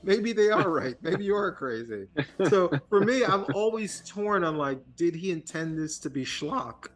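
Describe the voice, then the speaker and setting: Animated man mocking a bad movie. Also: on the high side, unhurried. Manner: animated, swearing, mocking impressions. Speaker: podcast co-host. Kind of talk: casual film discussion.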